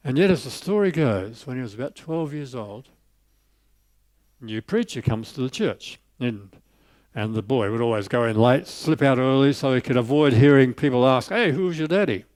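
A man preaching a sermon, telling a story and lifting his voice on scripture before dropping soft on key lines. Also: mid-range voice, moderate pace, no room sound.

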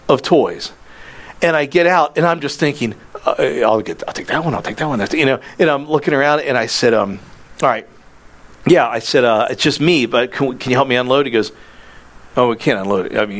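A middle-aged male pastor telling a story in a sermon, acting out the dialogue with lively voices and dropping to a soft, intimate tone. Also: medium pitch.

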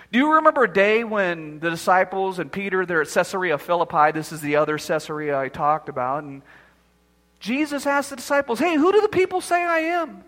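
A man's voice: sits high, fairly bright tone, in a large hall. A man preaching a sermon as pastor, acting out the quoted voices as he speaks.

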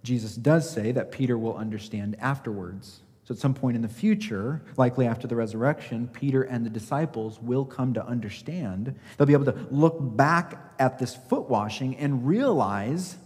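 A man's voice: medium pitch, lively intonation, normal speed, few pauses, a little mellow, long reverb tail. A man preaching a sermon as pastor, emphatic, asking his listeners rhetorical questions and acting out scripture quotes.

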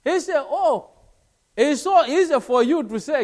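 Male preacher, very high voice, slow, lively delivery. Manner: earnest, repetitive preaching with anecdotes. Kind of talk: sermon.

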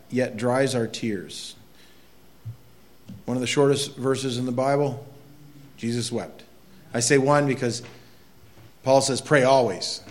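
A middle-aged pastor with a medium-pitched voice preaches a sermon, chatting casually with his congregation and posing questions to them. He reads scripture aloud with mounting intensity.

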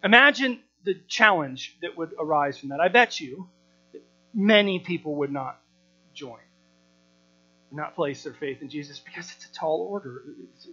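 A man in his thirties preaching a sermon, animated, repeating words and asking rhetorical questions. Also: high-pitched. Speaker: pastor. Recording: dull lo-fi sound with mains hum.

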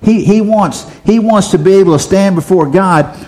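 A man's voice: high voice, normal speed, a little mellow. A man preaching a sermon, asking the congregation rhetorical questions and repeating phrases for emphasis.

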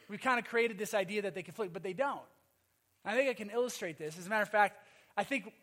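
A male pastor preaching in a strikingly high voice. He presses his points by repeating phrases and calling for amens. His delivery swings from loud insistence to quiet, hushed lines. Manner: emphatic, repeats phrases, calls for amen. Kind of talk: sermon.

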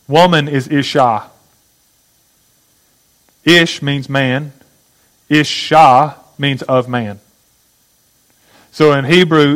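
A man's voice: mid-range voice, fairly bright tone, low-quality recording. A man preaching a sermon, teaching step by step and asking his listeners questions. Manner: teaching, asks the audience questions. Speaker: pastor.

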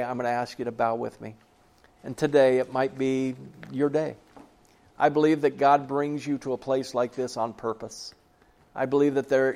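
A male pastor delivering a sermon in an earnest storytelling manner. His voice sits in an everyday middle pitch. He leans on repetition to drive home each point. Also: darkish tone. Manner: storytelling, earnest, repeats key phrases.

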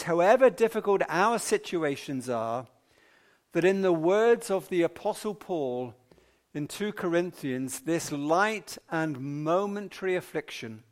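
A man preaching an evening sermon in a measured, emphatic way with long pauses. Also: on the high side.

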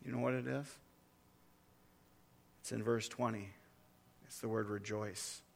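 A man as pastor, preaching a sermon and reading scripture aloud in a measured way that swells into forceful warnings. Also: lowish voice, fairly even intonation, gravelly.

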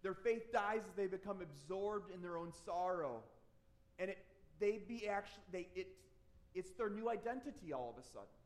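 A man's voice: high voice, animated, moderate pace. A man preaching a sermon, earnest and conversational, often restarting his phrases. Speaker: pastor.

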